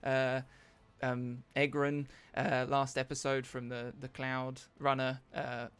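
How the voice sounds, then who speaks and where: A man narrating as dungeon master in an animated, laughing way, often searching for words. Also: mid-range voice, slow, clear, resonant tone. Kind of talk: narrating a tabletop game.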